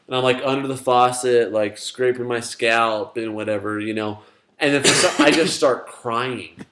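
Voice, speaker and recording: A man's voice: mid-range voice, moderate pace, fairly bright tone. A young man chatting with friends, telling long, rambling stories full of swearing and laughter. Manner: rambling storyteller, swears freely, laughs often. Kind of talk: casual chat among friends.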